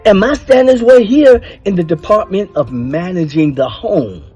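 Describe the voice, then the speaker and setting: Older man, high-pitched, blunt, preachy, faint background music. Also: lively intonation, normal speed, warm tone, breathy edge. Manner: blunt, preachy, emphatic, swears freely. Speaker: speaker giving advice to men. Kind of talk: casual monologue.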